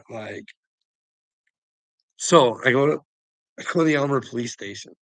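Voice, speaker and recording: A man's voice: medium pitch, animated, measured pace, long pauses, fairly bright tone, no room sound, rough recording. A man angrily telling a story about a run-in with police, swearing heavily and sounding agitated. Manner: profane, agitated, heavy swearing. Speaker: vlogger telling a personal story. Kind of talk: angry storytelling rant.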